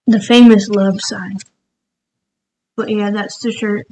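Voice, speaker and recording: A woman's voice: medium pitch, little pitch movement, slow, a little mellow, low-quality recording. A woman cooking in her home kitchen, rambling casually and laughing at herself as she talks through her recipe. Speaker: cooking vlogger. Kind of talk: casual cooking vlog chat.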